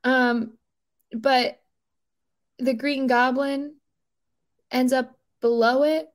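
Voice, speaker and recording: A woman chatting casually on a podcast, rambling and animated, with lots of filler words and incredulous outbursts. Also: sits high, drawn-out words.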